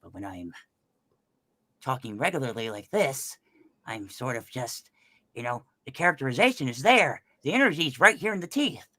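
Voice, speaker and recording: A man's voice: medium pitch, sing-song, moderate pace, pushed and bright, dry recording. A man voicing a goofy male beaver private eye, talking through the teeth in a grounded way. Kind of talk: voice acting demonstration.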